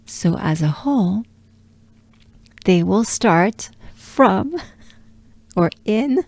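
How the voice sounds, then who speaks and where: French lady, middle-aged, slow patient pronunciation drills, warm soft tone, dry close mic. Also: mid-range voice, lively intonation, dry recording. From France. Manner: patient, drawn-out repetitions with breathing cues. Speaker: pronunciation coach.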